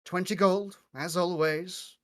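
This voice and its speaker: A man voicing an elderly elven woman herbalist who speaks in a low, curt, dismissive way. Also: steady tone, slow, fairly bright tone.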